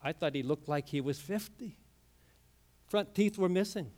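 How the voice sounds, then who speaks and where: A man preaching a sermon through a story, swinging from hushed lines to loud, emphatic peaks. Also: a little high, normal speed.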